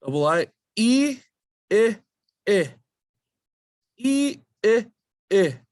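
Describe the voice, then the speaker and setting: A man teaching a language lesson, drilling vowel sounds slowly and repeating each word patiently. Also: high voice, sing-song, a little mellow, dry recording, clean studio sound. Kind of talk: slow spoken language lesson.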